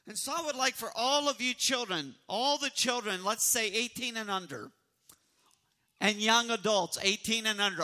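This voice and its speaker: A man's voice: sits high, sharp tone. A man pastor preaching a sermon and leading his congregation in call-and-response. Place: church sanctuary.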